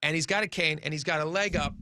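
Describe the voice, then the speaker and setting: A talk radio host in his forties, speaking fast in a slightly high voice, rambles through a long anecdote with plenty of fillers. He's in a radio studio, with background noise present.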